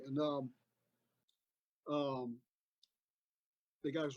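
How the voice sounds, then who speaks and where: A man's voice: on the high side, fairly even intonation, brisk, long pauses, a little mellow, no echo, rough recording. A man in his fifties, an army veteran guest, telling a war story in a rambling way with many fillers. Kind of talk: casual storytelling on a podcast.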